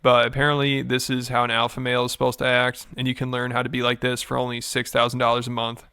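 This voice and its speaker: Deadpan man with a gravelly, flat voice. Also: medium pitch, fast, no room sound. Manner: dry, sarcastic, deadpan. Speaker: narrator of a commentary video. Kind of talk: scripted commentary narration.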